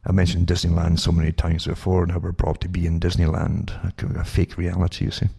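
A fast-talking show host holds forth in a monotone, his low voice heavily gravelly with a dark, husky tone. Rambling along, he doubles back and repeats words as he goes.

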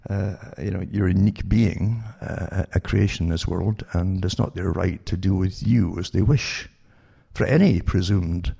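A man's voice: deep voice, creaky, mellow, slightly rough. A man giving rambling commentary to his listeners, with many restarts and rhetorical questions. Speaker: online commentator reading news articles.

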